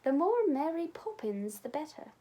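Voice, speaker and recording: A woman librarian reading a children's storybook aloud with expressive, animated storytelling. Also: high voice, normal speed.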